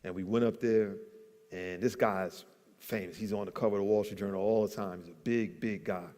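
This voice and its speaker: A man's voice: fairly low pitch, fairly even intonation, brisk, darkish tone. A man telling a business story at a church event, acting out the people he quotes. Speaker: guest entrepreneur. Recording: long hall reverb.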